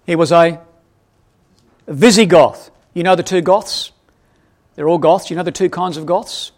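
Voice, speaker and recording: This man's voice is high-pitched and a little slow as he preaches an expository Bible lesson. He's animated, quizzes his listeners with questions, and corrects himself along the way.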